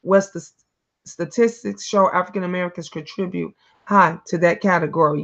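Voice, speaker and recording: Mom hosting her own stream, talks straight and swears, preaches at the chat, muffled low-fi audio. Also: steady tone, moderate pace, vocal fry, fairly bright tone. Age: adult, a mother. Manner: blunt, profane, preachy encouragement. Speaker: host of a live online talk stream. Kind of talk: casual live-stream chat, answering viewers.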